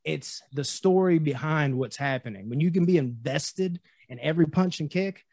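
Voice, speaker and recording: A man excitedly retelling a movie scene in casual, profane podcast chat. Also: a little high, moderate pace, dry recording, studio quality. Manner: animated, profane storyteller. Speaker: podcast co-host.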